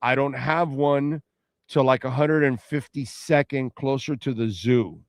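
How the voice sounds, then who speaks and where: Rambling middle-aged radio host. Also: male voice, medium pitch, unhurried, no room sound, clean studio sound. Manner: rambling, conversational, reacting to chat. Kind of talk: casual sports talk.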